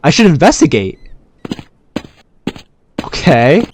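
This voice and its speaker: A man giving excitable let's-play commentary, yelping and shouting at scares and muttering quietly to himself in between. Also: high-pitched, unhurried, pauses often, noisy background. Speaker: gamer.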